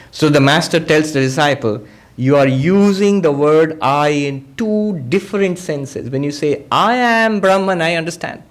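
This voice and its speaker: A monk teaching a spiritual discourse, patiently explaining ideas through everyday examples and quoted dialogue. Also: male voice, on the high side. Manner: acts out quoted speakers in dialogue.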